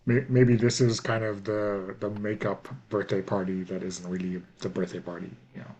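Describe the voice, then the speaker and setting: A man with a fairly low voice runs an online tabletop game. He speaks in a relaxed way, asking the players questions and keeping time. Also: normal speed, dull audio, a little hiss or hum. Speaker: game master.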